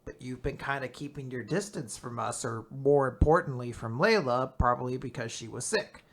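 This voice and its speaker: A woman hosting a podcast, casually recapping manga chapters and retelling the plot with quick acted-out quotes. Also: extremely low pitch. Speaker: podcast host.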